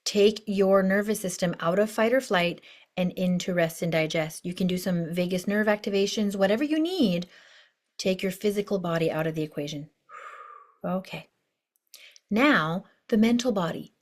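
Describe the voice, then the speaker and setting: A woman's voice: medium pitch, normal speed. A woman life coach teaching an online course lesson in a bubbly, chatty way, full of asides.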